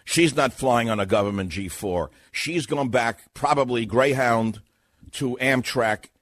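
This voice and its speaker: A man's voice: mid-range voice, a little slow, fairly bright tone, no room sound. An older man hosts a talk radio show and rolls through a sarcastic, mocking monologue. He acts out a mock questioning. His voice sits dry and close on the studio mic.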